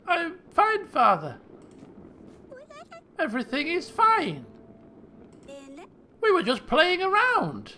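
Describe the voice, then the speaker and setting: A man's voice: huge pitch swings, takes it slowly, long pauses, pushed and bright, slight background noise, exaggerated voice. A man putting on a pleading young princess. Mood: reassuring. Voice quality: raised girlish pitch. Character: young girl, a king's daughter, pleading.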